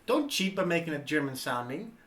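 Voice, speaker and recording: A man's voice: a little high, a little fast, soft background music. A man co-hosting a casual livestream, joking and bantering with his partner. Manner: joking, expressive, swings up and down a lot. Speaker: livestream co-host. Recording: echoey room.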